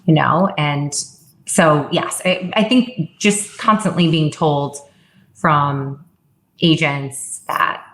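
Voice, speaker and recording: A woman's voice: deep voice, slow, a bit bright, a little hiss or hum. A woman in her thirties, a guest talking openly and reflectively in an interview, often quoting herself. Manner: open, reflective, quotes herself in raised voice. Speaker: guest, fitness founder. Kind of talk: candid interview conversation.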